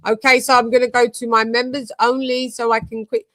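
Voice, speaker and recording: This woman's voice is a little high, her delivery flat and brisk, captured in a dry recording. She's casually running a boxing channel's live stream, giving members shout-outs and thanks and singing snatches here and there.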